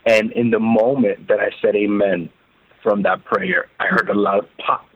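A man telling his own story as an interview guest, halting and repeating words as he recounts it. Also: lowish voice, fairly even intonation, slightly rough, dry recording. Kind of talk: emotional first-person testimony. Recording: phone-like narrow band.

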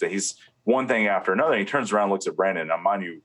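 Speaking fast in a deep, somewhat bright voice, a man who once headed security tells an interviewer long stories about past meetings. He quotes what was said, stumbling through restarts and fillers along the way.

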